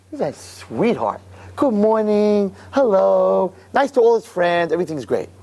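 A man teaching a religious class, telling a story in an animated, conversational way. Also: high voice, husky. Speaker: Torah teacher.

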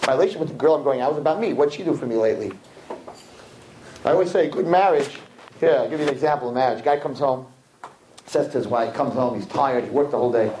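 A man giving a sermon to a live audience, preachy and animated, acting out little scenes as he talks. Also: mid-range voice, very fast, slight background noise, poor audio. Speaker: religious speaker.

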